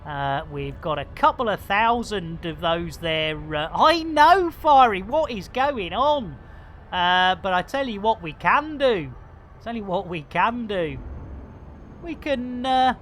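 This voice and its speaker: A man's voice: high-pitched, animated, unhurried, a bit bright, slight background noise. A man streaming a space game, chatting casually and full of playful catchphrases. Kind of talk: casual live game commentary.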